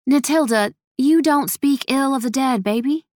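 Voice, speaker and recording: A woman narrator voicing a gentle older woman of the family who rebukes with a sigh. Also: high-pitched, normal speed, no echo, studio quality, voice pushed up, lightly acted.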